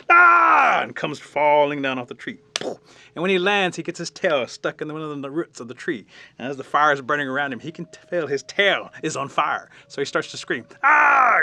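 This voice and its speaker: Bright-voiced male storyteller, animated traditional tale, acts out the scenes. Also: a little high, no room sound. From Cherokee Nation.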